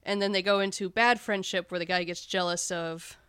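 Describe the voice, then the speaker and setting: Casting: woman, smooth clear voice, dry close sound, candid podcast co-host. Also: mid-range voice, a little fast, dry recording. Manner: candid, swears casually, lively. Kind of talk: casual podcast film discussion.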